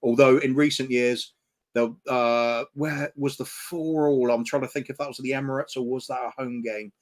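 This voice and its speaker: A man with a medium-pitched voice and fairly even intonation talks at normal speed. Co-hosting a live fan stream, he chats casually in a reflective, rambling way, with many restarts and fillers.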